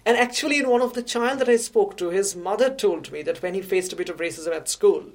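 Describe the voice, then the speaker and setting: A woman from India speaks as a guest in a relaxed interview. She explains things carefully and patiently, often pausing to restart her sentences. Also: medium pitch. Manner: measured, explanatory, with frequent restarts. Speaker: guest researcher. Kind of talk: conversational interview.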